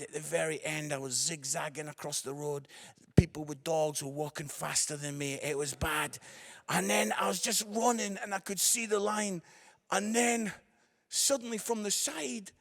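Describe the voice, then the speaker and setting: A man in his forties, an evangelist and comedian, delivering a gospel message through animated comic storytelling that turns earnest and gentle. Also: high-pitched, vocal fry, breathy edge. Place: live event venue.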